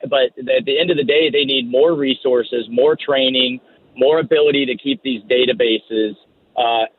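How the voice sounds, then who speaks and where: A man speaking as a congressman guest on a radio show, firm and steady in his talking points. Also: mid-range voice, slight background noise. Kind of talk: phone-in radio interview. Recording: tinny phone line.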